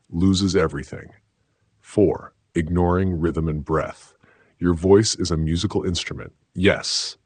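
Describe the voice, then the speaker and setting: A man giving scripted self-help narration in a slow, measured, declarative way. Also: low-pitched, breathy edge, dry recording.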